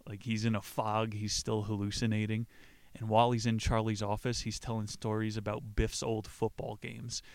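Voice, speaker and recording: A man's voice: lowish voice, no room sound. Casual profane male podcast host. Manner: profane, laughing, acts out quoted lines. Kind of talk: casual retelling of a play.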